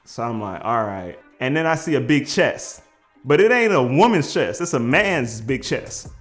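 A man telling a funny personal story in casual slang, animated and prone to shouting out the lines he quotes. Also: fairly high pitch, normal speed, faint music behind. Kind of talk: comedic storytelling.

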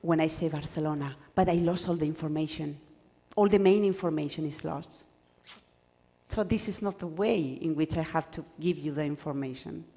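A woman whose first language is Spanish gives a lively workshop lecture to doctoral students, acting out examples and often restarting her sentences. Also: low voice, normal speed. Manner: animated, acts out examples, stumbles and restarts. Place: lecture hall. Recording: lecture hall with long reverb.

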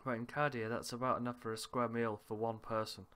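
A man's voice: mid-range voice, little pitch movement, a little fast, fairly bright tone. A man reading aloud every character's lines of a visual novel, switching between characters with small laughs and asides. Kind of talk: reading game dialogue aloud with light character voices.

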